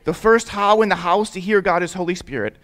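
High-voiced young preacher, lively and casual. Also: male voice, fairly quick. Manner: lively, prompts the audience to repeat words; conversational storytelling with casual fillers. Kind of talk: interactive sermon for young people.

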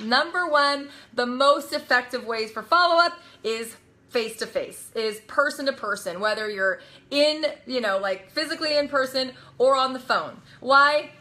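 Bright, high-voiced energetic woman coach. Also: moderate pace. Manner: energetic, emphatic, acts out quotes with laughter. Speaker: network marketing coach. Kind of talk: live motivational talk.

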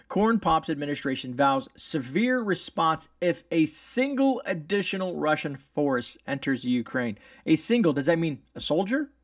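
A man with a somewhat high voice comments on the day's news and reads it aloud, rambling and sarcastic, often stopping and restarting his sentences. The sound is dry and close, but he sits a little back from the mic. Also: dry recording, far from the mic. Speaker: channel host.

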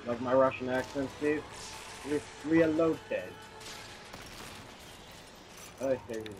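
A man's voice: medium pitch, fairly even intonation, a little fast, noisy background. Crude, joking young man gaming. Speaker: gaming co-host. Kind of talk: casual let's play banter.

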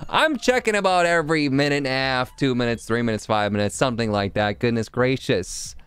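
A male streamer chatting casually over his game, jokey and quick to exclaim at what happens on screen. His voice is smooth and clear at a mid pitch. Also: dry recording. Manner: jokey, animated, chatting with viewers. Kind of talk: casual live game commentary.

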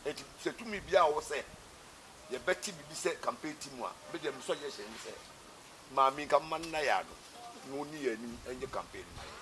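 A man's voice: mid-range voice, expressive, a little fast, very noisy. A man with a Ghanaian accent giving an earnest, emphatic speech praising a candidate at a campaign gathering. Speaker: party supporter praising a candidate.

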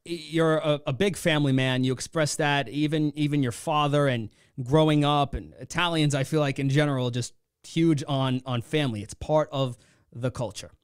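A male podcast host asking his guest questions in an earnest, admiring way with halting phrasing. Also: on the high side, fairly even intonation, clear, resonant tone, dry recording, clean studio sound. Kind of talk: interview questions.

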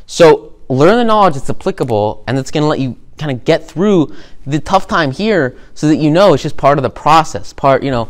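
A man's voice: fairly high pitch, lively intonation, fairly quick. A man coaching clients by retelling a story, loose and rambling with lots of fillers. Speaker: business coach. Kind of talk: casual teaching through storytelling.

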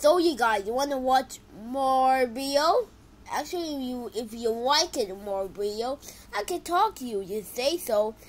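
An excitable woman talks her way through videos in casual reaction commentary, her fairly high voice leaping all over the place. She speaks slowly, with loud exclamations that drop into quiet mutters. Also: rough recording. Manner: excitable, exclaiming, swings from loud outbursts to mumbling.

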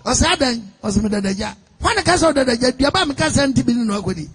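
A man's voice: very high voice, sing-song, rapid-fire, fairly bright tone, husky. A man with a Ghanaian accent preaching a sermon, emphatic, mixing in English phrases and sometimes half-singing his lines.

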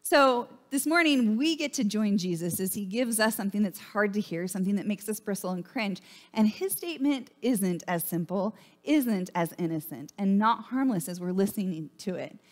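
A woman pastor preaching a sermon in a church, in a chatty, conversational way and often checking in with "right?". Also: medium pitch.

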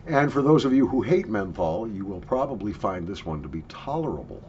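A man's voice: lowish voice, sing-song, fairly quick, darkish tone, dull audio, a little hiss or hum. A man in a casual product review, chatty and jokey, coughing and sniffing between his remarks. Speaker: snuff reviewer.

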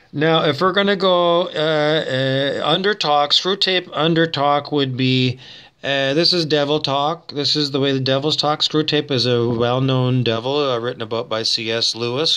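A talk show host with a medium-pitched, pushed, bright and clean-toned voice delivers a rambling, casual monologue. He digresses as he thinks aloud, full of fillers and restarts.

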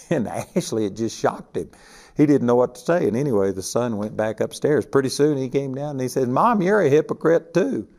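A man's voice: mid-range voice, normal speed, gravelly, dark tone. An older man from Texas, preaching a sermon and telling stories in an emphatic, earnest way. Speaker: Bible teacher.

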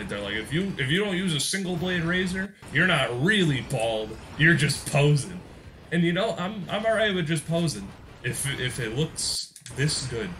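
A man's voice: medium pitch, fairly bright tone, slight background noise. A young man hosting a gaming channel, giving casual gameplay commentary in a rambling, joking way and often laughing mid-sentence.

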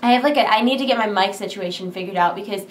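A young woman vlogging casually from home, rambling with lots of "like", excited and nervous, recorded on her camera mic in a big empty room. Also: mid-range voice, fast, roomy sound. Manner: chatty, rambling, full of "like". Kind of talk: casual vlog chat. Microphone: camera's built-in mic.

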